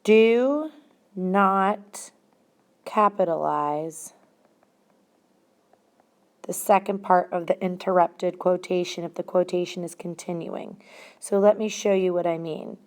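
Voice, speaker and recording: A woman's voice: lowish voice, little pitch movement, normal speed, dark tone. A woman teacher giving a grammar lesson, explaining step by step and stressing single words.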